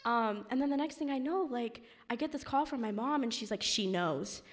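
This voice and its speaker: A woman's voice: high voice, fairly quick. A young woman telling a personal story to a live audience, chatty and full of fillers like "like" and "um". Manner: chatty, filler-heavy, many "like"s. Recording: long hall reverb.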